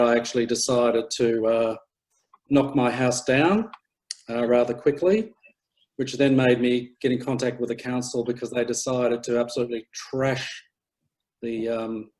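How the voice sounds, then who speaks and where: Halting middle-aged man with dry asides. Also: medium pitch, a little mellow, low-quality recording. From Australia. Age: 50s. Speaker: council candidate. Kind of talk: casual campaign introduction. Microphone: video call.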